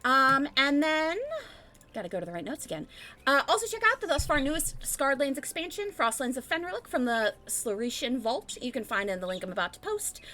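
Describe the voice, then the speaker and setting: A woman hosting a tabletop game stream, reading out announcements in a casual, rambling way. Her voice is high and bright, and she chats along easily. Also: slight background noise. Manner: chatty, rambling with fillers. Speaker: stream host.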